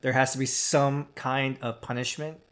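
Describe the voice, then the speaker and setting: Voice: mid-range voice, flat delivery, normal speed. A podcast co-host casually speculating about where a TV show's plot will go, enthusiastic but often hedging. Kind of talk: casual TV discussion.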